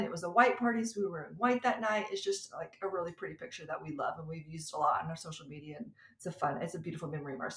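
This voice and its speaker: Bright-voiced woman telling a story. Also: medium pitch. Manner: chatty, animated, breaks into laughter. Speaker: podcast host and coach. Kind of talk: casual storytelling monologue. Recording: roomy echo.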